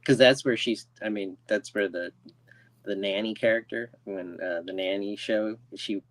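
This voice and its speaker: A man co-hosting a podcast, chatting casually in a relaxed, agreeable way and laughing easily. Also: lowish voice, moderate pace, no room sound. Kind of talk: casual chat.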